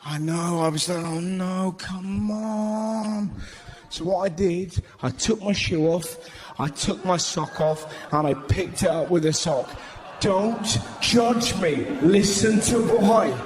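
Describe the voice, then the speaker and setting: A male stand-up comedian telling stories live, brisk and animated, swearing freely and slipping into character voices. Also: high voice. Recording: live show with audience noise. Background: audience laughter.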